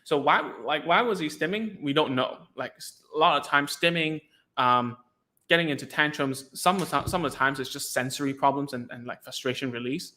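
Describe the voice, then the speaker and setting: A young man from Hong Kong with a fairly high, sharp-toned voice talks briskly. A podcast host and former behavioural therapist, he chats casually while explaining, packs his speech with "like," and acts out sounds and reactions.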